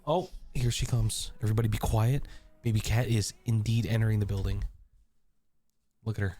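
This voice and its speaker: A man's voice: fairly low pitch, steady tone, normal speed, pauses often, dark tone, faint music behind. A man live-streaming from a room at home, chatting playfully with his viewers and his cat. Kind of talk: casual live-stream chat.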